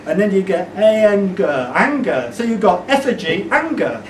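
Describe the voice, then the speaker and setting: High-voiced man joking at a poetry launch. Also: very animated, normal speed. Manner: playful, joking, mock-esoteric; shouting the refrain with rising energy. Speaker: poet reading at a book launch. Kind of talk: live poetry reading with audience call-and-response. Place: indoor event room with an audience. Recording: echoey room, far mic, loud crowd noise.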